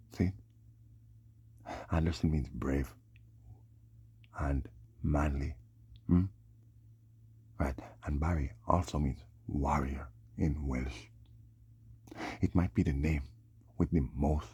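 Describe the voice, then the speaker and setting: A man's voice: a bass voice, warm tone, slightly rough. A man delivering a rambling solo monologue, drawling and often breaking off with a questioning "hmm?". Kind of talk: rambling monologue on names and prophecy.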